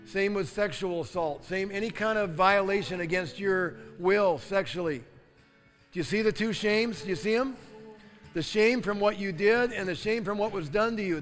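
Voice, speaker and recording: A high, bright-voiced male preacher declaring with fervent intensity, his lines swelling into loud proclamations. His voice rings through a large church hall with long reverb, and soft guitar music plays behind him. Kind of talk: sermon with ministry prayer.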